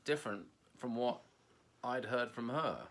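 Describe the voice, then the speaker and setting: A man's voice: medium pitch, measured pace, a bit bright. A man co-hosting a casual conversation, rambling and self-mocking, laughing often at himself. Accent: Scottish. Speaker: podcast co-host.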